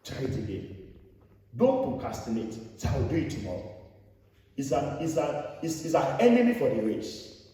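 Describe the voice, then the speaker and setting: A man's voice: medium pitch, sing-song, normal speed, warm tone. A man preaching a sermon as pastor, exhorting his listeners and repeating phrases for emphasis. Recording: echoey hall from far off.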